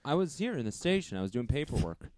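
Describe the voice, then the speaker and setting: A man's voice: medium pitch, big pitch swings, darkish tone, no room sound, studio quality. A man improvising a comedy bit, stammering and laughing as he talks. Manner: halting, stammering, laughs often.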